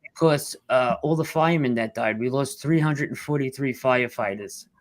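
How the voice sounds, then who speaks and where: A middle-aged man, a rescue worker telling his story in an interview, blunt and halting, fighting back tears. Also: medium pitch, no echo. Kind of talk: emotional storytelling.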